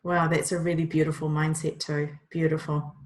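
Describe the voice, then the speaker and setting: An interview host asks questions in a gentle, affirming way, with soft murmurs of agreement. The voice has a roomy echo and sits a little away from the mic. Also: mid-range voice, little pitch movement, normal speed.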